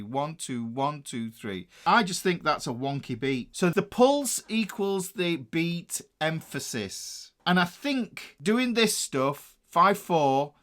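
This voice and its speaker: A man's voice: on the high side, fairly bright tone. A man with a Northern English accent teaching a guitar rhythm lesson, explaining time signatures and counting beats aloud. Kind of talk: music lesson.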